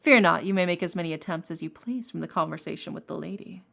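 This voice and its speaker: A woman voicing a formal, mysterious guide who addresses the player in a measured way. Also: lowish voice, vocal fry, fairly bright tone, exaggerated voice.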